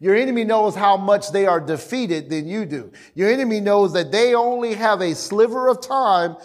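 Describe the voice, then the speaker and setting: A man preaching a sermon in an animated, conversational way, with laughing asides. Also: high-pitched, moderate pace.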